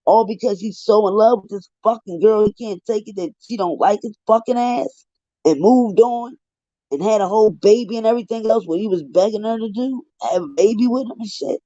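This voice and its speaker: A man's voice: high-pitched, a little fast, dark tone, no echo. A man giving heated, profane live commentary, ranting in an exasperated way on a livestream. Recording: dull lo-fi dry livestream audio.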